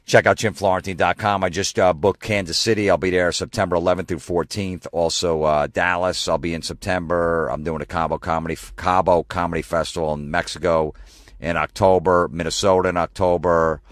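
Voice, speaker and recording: Low-voiced man, comedy podcast host, profane exasperated rant, dry close mic. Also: steady tone, a little fast, no room sound. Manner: profane, exasperated ranting with mocking impressions. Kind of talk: ranting comedy podcast monologue.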